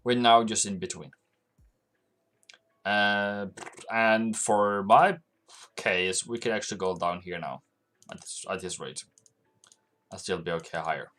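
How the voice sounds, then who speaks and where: A man's voice: lowish voice, a little slow, pauses often, fairly bright tone. A man hosting a live trading stream, loosely rambling to his chat while working through charts. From Norway. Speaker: forex trading livestream host. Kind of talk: live-stream market commentary.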